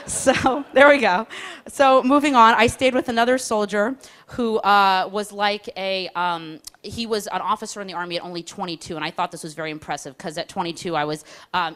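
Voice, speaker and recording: A young woman telling a stand-up comedy story in a chatty, self-mocking way, slipping into quick voices for other people. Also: medium pitch, fairly bright tone.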